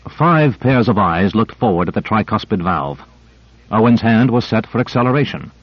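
Male audiobook narrator, steady measured read, dry dull lo-fi sound. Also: fairly low pitch, husky, no echo. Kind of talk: scripted narration.

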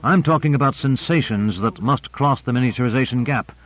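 A man reading the part of a precise, formal male scientist in a measured, matter-of-fact way, in a storybook reading. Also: mid-range voice, natural voice. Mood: explaining. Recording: muffled lo-fi recording.

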